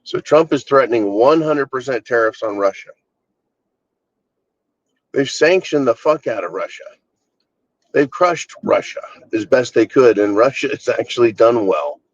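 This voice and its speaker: A man's voice: medium pitch, lively intonation, measured pace, pauses often, no room sound, highs cut off. A man hosting his own channel, ranting bluntly and with exasperation, swearing freely. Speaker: channel host. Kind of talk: casual political rant.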